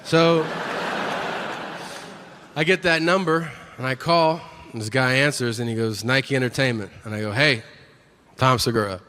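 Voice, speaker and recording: On a comedy venue stage, a middle-aged man performs a profane stand-up set, acting out both sides of conversations in low voices. His tone is bright and forceful, his pace measured, with long pauses. The live recording carries long reverb and faint room noise.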